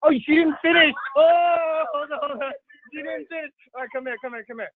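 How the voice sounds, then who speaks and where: A man hosting a casual podcast, talking in an excitable, giggly, coaxing way. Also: very high voice, fairly quick, no echo. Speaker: podcast host. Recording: dry tinny phone-like audio.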